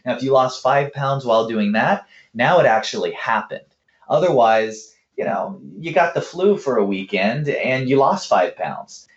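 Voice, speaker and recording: A man working as a fitness coach, telling client stories in a lively, casual way and acting out both sides of the talk. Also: medium pitch, normal speed. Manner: animated, acts out client conversations. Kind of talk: casual storytelling interview answer. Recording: roomy, dull lo-fi sound.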